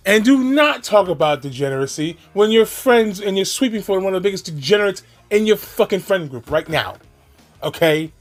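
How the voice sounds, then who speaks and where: A man hosting a reaction commentary, ranting in a profane, exasperated, mocking way. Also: high voice. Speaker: commentary host.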